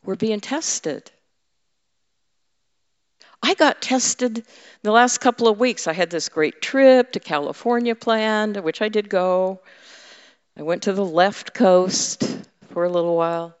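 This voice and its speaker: A woman's voice: medium pitch, clear, resonant tone. A woman preaching a conversational sermon to her congregation, candid and humorous, teasing her listeners. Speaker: women's ministry leader and preacher. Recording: echoey hall, slightly dull sound.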